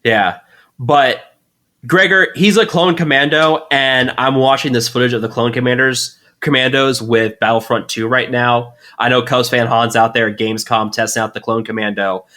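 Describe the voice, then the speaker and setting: A man sitting in as co-host on a casual podcast, talking eagerly and rambling. He leans on fillers and restarts, and his voice sits at an average pitch for a man. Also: steady tone, normal speed, pushed and bright. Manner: enthusiastic, rambling, lots of fillers.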